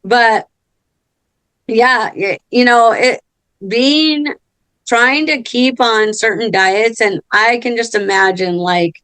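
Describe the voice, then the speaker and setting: A woman's voice: a little high, takes it slowly, fairly bright tone, clear, resonant tone, no room sound. A middle-aged woman co-hosting a casual podcast chat, telling family stories in a chatty way. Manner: chatty storyteller, acts out quotes. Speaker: co-host.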